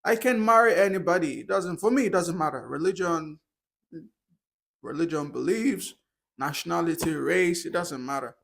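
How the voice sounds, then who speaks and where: A man's voice: a little high, moderate pace, vocal fry, fairly bright tone. A young man vlogging to the camera in a casual, hesitant way, often restarting and correcting himself.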